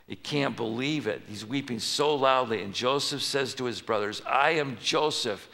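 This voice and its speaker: A pastor speaks to his congregation in conversational style, narrating the story and asking the listeners questions. His mid-range voice is bright and forceful with some vocal fry, at a moderate pace. The church sanctuary lends the recording a long hall reverb.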